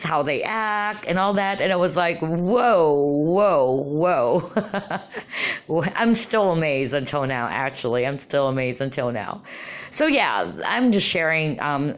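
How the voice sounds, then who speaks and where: Low-voiced woman telling a personal story. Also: muffled recording. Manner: animated, many fillers like "you know" and "um". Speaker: vlogger sharing personal experiences.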